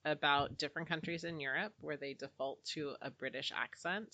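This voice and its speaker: A woman's voice: deep voice, steady tone, normal speed, sharp tone, no echo. A woman in a casual book club chat, rambling with fillers and laughing often. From Southern California.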